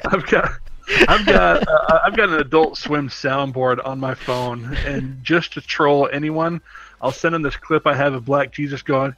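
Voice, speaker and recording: A man's voice: mid-range voice, measured pace, sharp tone. A man co-hosting a studio stream, telling stories with energy, mimicking voices and laughing at his own jokes. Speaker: co-host and composer on a studio stream. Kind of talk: casual chat. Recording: dry, dull sound with faint music.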